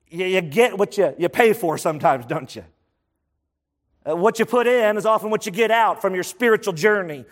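A male pastor preaching a sermon to men, emphatic and conversational, asking the congregation questions. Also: sits high.

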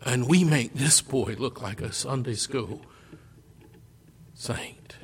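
A man preaching a sermon, swinging between loud declarations and hushed, almost whispered lines, with slow, deliberate phrasing. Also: mid-range voice, husky.

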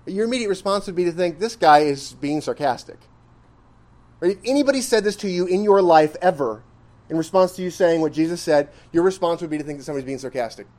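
Talking fast in a slightly high, somewhat mellow voice, this pastor delivers an expository sermon in a conversational way. He quizzes his audience and drives home his points with emphatic upward inflections.

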